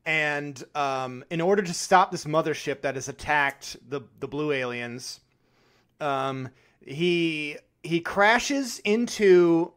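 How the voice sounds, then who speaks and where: A man's voice: on the high side, expressive, takes it slowly, a bit bright. A man co-hosting a podcast, chatting casually about a film, laughing often and swearing freely. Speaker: podcast co-host. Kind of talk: casual chat.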